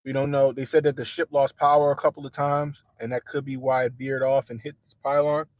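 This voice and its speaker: A man's voice: medium pitch, little pitch movement, a little fast, dry recording. A man hosting a casual livestream, talking straight to his viewers in loose, slangy everyday speech. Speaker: livestream host.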